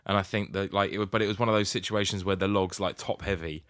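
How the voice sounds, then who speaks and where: A man's voice: low-pitched, steady tone, quick pace, fairly bright tone, smooth, no room sound, studio quality. A young man, a podcast co-host, chatting in a laid-back, joking way. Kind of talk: casual chat.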